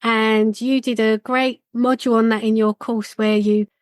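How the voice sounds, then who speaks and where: Brief: woman host, slightly high voice, friendly chat, dry close sound. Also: little pitch movement, moderate pace, dry recording. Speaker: podcast host. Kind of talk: casual podcast chat.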